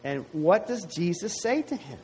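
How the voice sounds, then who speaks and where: A man's voice: sits high, very animated, moderate pace, a little mellow, a little hiss or hum, poor audio. A man preaching a sermon to his congregation in a conversational way, often asking rhetorical questions. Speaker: pastor.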